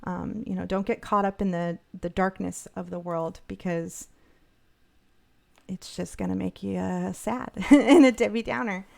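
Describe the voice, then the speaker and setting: Upbeat middle-aged woman rambling on a podcast, lots of ums and restarts, mid pitch. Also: fairly even intonation, unhurried, creaky, darkish tone. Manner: chatty, upbeat, many fillers and restarts. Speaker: podcast co-host. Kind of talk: casual livestream chat.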